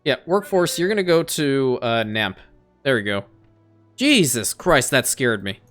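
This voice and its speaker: A man giving casual let's-play commentary on a strategy game, excitable, talking to the game characters and laughing often. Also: medium pitch, a little slow, faint music behind. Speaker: gaming YouTuber.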